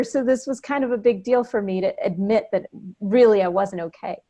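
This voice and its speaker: A woman's voice: medium pitch, a little mellow. Woman telling a personal story. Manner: reflective, vivid storytelling with quoted dialogue. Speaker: podcast guest.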